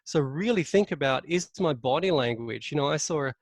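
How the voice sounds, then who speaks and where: A man presenting a leadership webinar in a coaching manner, stressing key words but often pausing with ums and restarts. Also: a little high, animated, dry recording.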